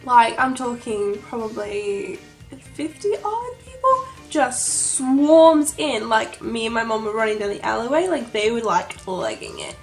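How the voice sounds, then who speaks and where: A young woman telling an excited vlog story, gushing and breathless, full of "like" and "oh my god". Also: on the high side, a little slow, faint music behind. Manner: gushing, breathless, heavy use of "like". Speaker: vlogger.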